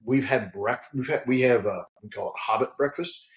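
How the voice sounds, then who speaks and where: A man's voice: medium pitch, normal speed. A man telling funny stories in casual chat, swearing a lot and acting out the voices of the people in them. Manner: swears freely, acts out quoted voices. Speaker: guest, head distiller. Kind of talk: casual storytelling.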